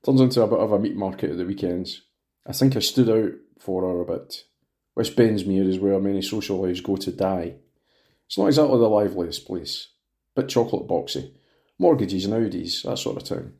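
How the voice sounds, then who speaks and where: An offhand man under police questioning, cocky and evasive, brushing questions aside in a low voice, as the narrator reads him. It comes across as an audiobook reading. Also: normal speed, mellow.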